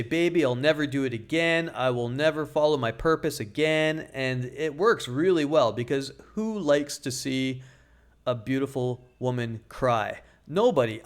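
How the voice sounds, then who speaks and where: A man with a slightly high-pitched voice gives relationship advice as a dating coach. He talks bluntly and casually, and he slips in jokes along the way. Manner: blunt and joking.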